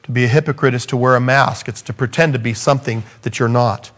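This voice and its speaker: A man delivers a sermon, dramatizing the scripture quotations, climbing higher in pitch for emphasis and sinking low on the key points. His tone stays steady and slightly bright, and he speaks quickly.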